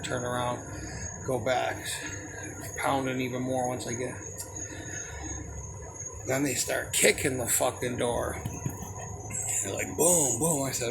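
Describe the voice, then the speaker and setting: A young man casually telling a personal story in a rambling, profane, animated way, with a noisy background. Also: medium pitch, measured pace, gravelly, pauses often. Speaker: storyteller recounting a personal experience.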